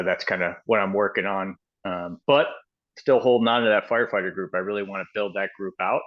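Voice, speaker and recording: A man's voice: low voice, muffled recording. A man on a coaching call, thinking aloud hesitantly about his goals. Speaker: team member on a call. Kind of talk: casual call conversation.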